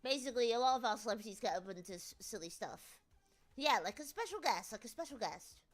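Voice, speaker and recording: A woman's voice: fairly high pitch, lively intonation, fast talker, faint music behind. A woman with a British accent chatting casually on a livestream, teasing her viewers with jokey banter and frequent restarts. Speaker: VTuber streamer.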